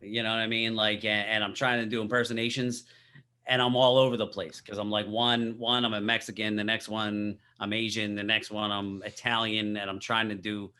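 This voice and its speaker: Male podcast co-host, bright edgy tone, halting storyteller, profane. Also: on the low side, flat delivery, clear, resonant tone. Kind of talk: casual chat.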